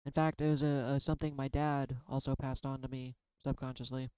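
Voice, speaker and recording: A man's voice: mid-range voice, flat delivery, a little fast, dark tone, smooth, no echo, rough recording. A man rambling through a spiritual card reading in a casual, confessional vlog, often self-deprecating. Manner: tearful at times. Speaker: tarot card reader.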